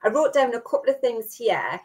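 A woman's voice: on the high side, expressive, brisk, a little mellow. A woman with a Geordie accent from northeast England, co-hosting a casual podcast chat and often ending points with tag questions. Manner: chatty, leans on tag questions. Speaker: podcast co-host.

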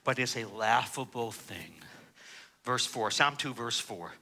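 A man preaching as a rabbi, telling a story with dramatic swings from loud to hushed. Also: medium pitch, animated, unhurried. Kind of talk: sermon.

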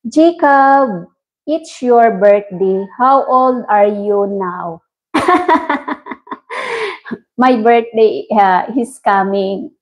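A woman from the Philippines with a Filipino accent, hosting a casual livestream and chatting with viewers in halting English. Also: mid-range voice, darkish tone, poor audio. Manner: slow, halting non-native English with frequent laughs. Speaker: livestream host. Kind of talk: casual livestream chat reading viewer comments.

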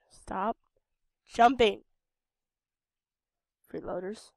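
A young woman from Idaho with a Western American accent hosts a game video, rambling casually through gameplay commentary and talking back to the on-screen characters. She's tired and a bit sick, with an animated, gravelly, medium-pitched voice, an unhurried pace, and long pauses. The studio recording is clean with no echo.

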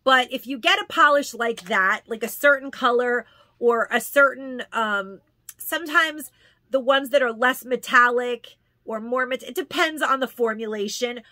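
A woman's voice: fairly high pitch, measured pace, sharp tone, no room sound. A woman chatting casually through a product haul, gushing and repeating words for emphasis. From New York. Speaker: haul vlogger.

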